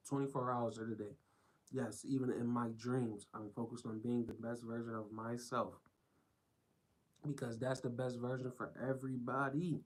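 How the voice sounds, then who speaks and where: A man's voice: medium pitch, little pitch movement, moderate pace, poor audio. Blunt rambling male streamer. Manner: blunt, rambling, repeats himself. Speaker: live streamer. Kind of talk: reacting to clips on a live stream.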